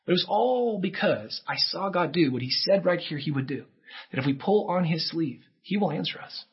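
A man's voice: a little high, expressive, normal speed, breathy edge, lo-fi sound. A male pastor preaching a sermon, telling stories and acting out the characters' voices. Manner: storytelling with acted-out character voices.

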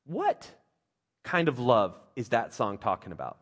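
Speaking at a measured pace in a mid-range voice, this man is a pastor and father of young children. His sermon is animated and conversational, laced with jokes and playful voices he puts on for others.

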